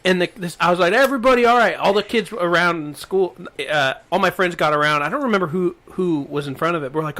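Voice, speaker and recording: Young guy from north idaho, super lively pitch, bright voice, yells the funny parts. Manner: animated, acts out shouts while telling a story. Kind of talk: casual storytelling chat.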